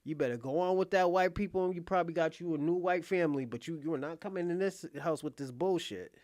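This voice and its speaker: A man's voice: on the high side, fast talker, darkish tone, no room sound, clean studio sound. A man speaking in a blunt, profane casual rant to his viewers as an online commentator, often insisting that he is being honest and laughing between lines.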